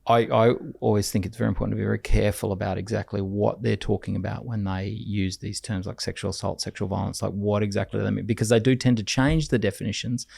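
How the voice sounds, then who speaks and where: A man's voice: on the low side, flat delivery, quick pace, gravelly, few pauses, a little mellow, husky, no room sound, clean studio sound. A man co-hosting a podcast who questions definitions skeptically and often restarts his sentences. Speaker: podcast co-host. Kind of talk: conversational podcast debate.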